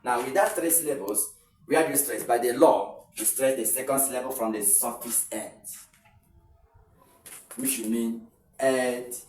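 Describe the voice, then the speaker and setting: A man with a Nigerian English accent teaching pronunciation in an online lesson. He explains slowly and repeats words, drawing them out. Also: medium pitch, darkish tone. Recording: echoey room, voice a bit far from the mic.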